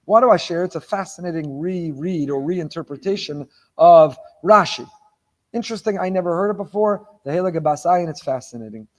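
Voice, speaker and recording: A man's voice: a little high, a little fast. A rabbi giving a sermon on the weekly Torah portion. He asks rhetorical questions, stacks phrases for emphasis, and mixes Hebrew terms into his English. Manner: animated, repeats phrases for emphasis.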